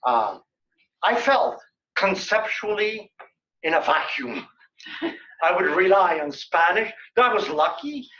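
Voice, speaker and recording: An older man lectures in a room, telling anecdotes with a joking, chatty ease. His voice sits a little high and rings bright. The recording is dull and lo-fi. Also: sing-song, slow pace, pauses often. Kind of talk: colloquium lecture.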